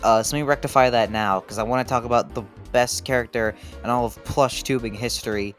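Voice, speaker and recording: Brief: male commentator, mid pitch, loose and profane, stammery restarts, faint music behind. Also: fairly even intonation, a little fast. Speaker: video essayist. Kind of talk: casual video-essay commentary.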